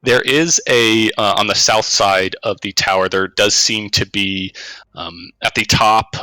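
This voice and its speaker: Slow bright-voiced man narrating a tabletop game. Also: fairly low pitch, dry recording, rough recording. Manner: unhurried, hesitant with frequent ums. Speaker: game master.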